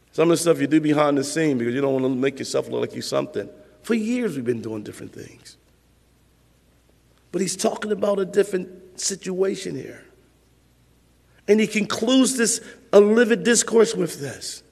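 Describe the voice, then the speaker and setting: A man's voice: a little high, creaky, in a large hall. A male pastor preaching a sermon in a conversational way, repeating points for emphasis.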